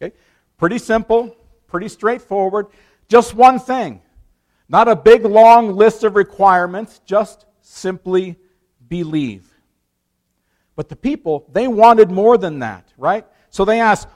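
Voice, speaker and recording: A male preacher with a high voice gives a relaxed, conversational sermon. He explains the passage plainly, now and then playing the questioning crowd with extra lift and push. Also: a little slow. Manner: conversational, acts out quoted voices with rising emphasis.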